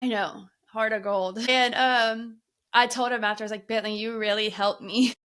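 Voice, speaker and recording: A woman's voice: fairly high pitch, fairly even intonation, moderate pace, fairly bright tone, smooth. A woman co-hosting a podcast, chatting casually and telling a personal story with frequent laughs. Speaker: podcast co-host. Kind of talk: casual chat.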